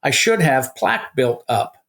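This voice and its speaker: A man's voice: medium pitch, big pitch swings, normal speed, fairly bright tone. A man in his seventies, a guest in an interview, telling a story in a casual way and acting out the dialogue he quotes. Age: 70s.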